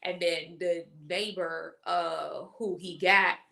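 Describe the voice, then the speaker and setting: A woman's voice: fairly low pitch, takes it slowly, creaky. Chatty woman co-host telling a story. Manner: storytelling with lively quoted voices. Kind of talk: casual chat.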